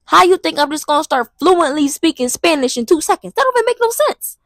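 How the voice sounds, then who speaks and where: High-voiced animated young woman storyteller. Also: quick pace, no echo. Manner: animated, dramatic, slangy storytelling. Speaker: vlogger. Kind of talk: casual storytime monologue.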